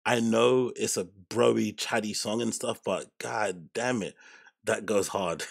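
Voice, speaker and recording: Brief: male reaction host, husky and gravelly, rambling and profane. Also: lowish voice, fairly even intonation, slow pace. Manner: rambling, profane, stops and restarts often. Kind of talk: casual reaction commentary.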